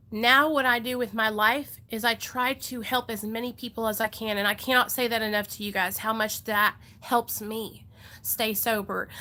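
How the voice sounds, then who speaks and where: Bright, chatty woman vlogger. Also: on the high side. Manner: earnest, emotional, chatty with "y'all" and "like". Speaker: recovery vlogger. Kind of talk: casual heartfelt talk to viewers.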